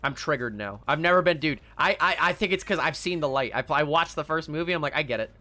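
A man's voice: on the high side, quick pace, bright, forceful tone. A young man streaming a game live, casually ranting and swearing, laughing at himself between rants. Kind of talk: casual live-stream chat while gaming.

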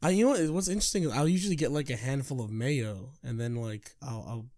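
A young man chats on his podcast at an ordinary middle pitch, telling stories in a loose, casual way. He breaks into laughter often as he recounts them. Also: fast, darkish tone. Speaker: podcast co-host. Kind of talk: casual chat.

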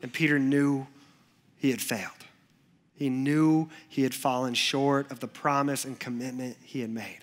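A man preaching a sermon in church, conversational, moving between animated asides and hushed, earnest passages. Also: mid-range voice, moderate pace. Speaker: pastor.

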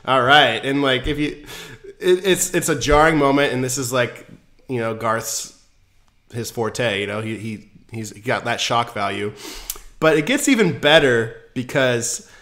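A man hosting a casual podcast, retelling a story in an animated, profane way full of fillers. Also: mid-range voice, a little slow. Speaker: podcast host.

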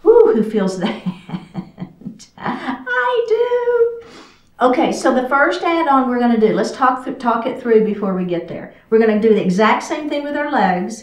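A woman teaching a chair yoga class, chatty and encouraging, a little out of breath as she moves through the poses. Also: medium pitch. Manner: encouraging, chatty, talks while moving. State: slightly out of breath. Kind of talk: guided exercise class instruction. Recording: echoey room, far from the mic.

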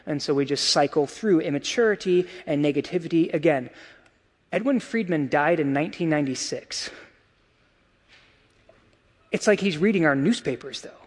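High-voiced male pastor in a reverberant church. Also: animated, normal speed, long pauses. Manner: conversational preaching, rhetorical questions, frequent "right?" and "of course". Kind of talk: sermon. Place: church sanctuary. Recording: long hall reverb.

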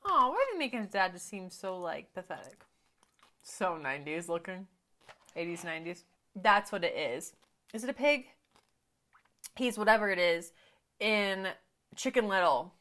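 A woman giving casual, chatty commentary while watching a film, thinking out loud and often dropping to quiet murmurs. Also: medium pitch, sing-song, normal speed, pauses often. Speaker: reaction video host. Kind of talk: casual movie reaction commentary.

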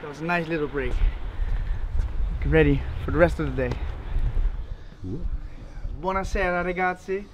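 A young man hosting a travel vlog, talking to camera in a relaxed, chatty way with loose phrasing. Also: a little high, normal speed, pauses often, background noise. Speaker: travel vlogger host. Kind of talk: casual vlog narration to camera.

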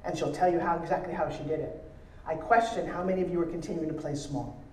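A woman's voice: sits low, quick pace, slight background noise. Woman speaker on stage, roomy and distant. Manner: energetic, joking, audience-engaging. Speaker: motivational speaker teaching pitching. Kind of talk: live seminar speech to an audience. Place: large event hall on stage. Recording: roomy hall sound from a distance.

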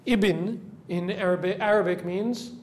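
A man's voice: high voice, a little slow. A man, a rabbi, teaching a classroom of students, explaining step by step, quizzing the class and checking in with "right?" after nearly every point. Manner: asks the class questions. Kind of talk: classroom lecture.

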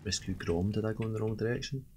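A man with a very deep voice chats and jokes with his viewers while playing a strategy game. His casual commentary comes over a steady noisy background. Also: fast talker. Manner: joking and chatty, addressing chat. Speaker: streamer.

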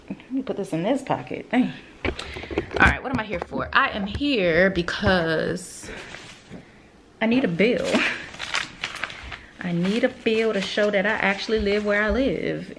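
A woman, chatting excitedly and directly to her viewers in a casual vlog at home and in her car. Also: medium pitch, a little slow, pauses often, noisy background. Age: 30s. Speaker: vlogger.

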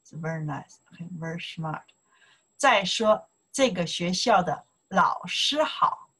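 Slow, husky Chinese-accented woman teacher. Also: lowish voice, expressive, pushed and bright, poor audio. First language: Mandarin Chinese. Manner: slow, repetitive, drills pronunciation in Mandarin and broken English. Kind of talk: casual online language lesson.

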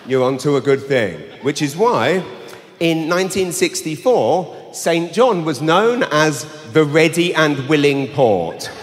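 A man's voice: fairly high pitch, expressive, takes it slowly. A man with a London English accent doing a brash, sweary stand-up set live in a large arena on a handheld mic. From England. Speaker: stand-up comedian. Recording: live arena with long reverb, faint hum.

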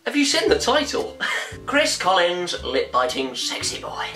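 A woman's voice: lowish voice, wildly swooping pitch, slow pace. A young British woman ranting comically, exasperated and laughing often. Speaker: vlogger. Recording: roomy echo, distant mic, faint music.

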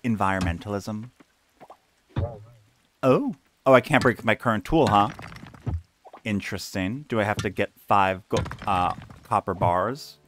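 A man's voice: lowish voice, a bit bright, slight background noise. A young man live-streaming a game, chatting playfully and joking about himself. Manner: playful, self-mocking, chatty.

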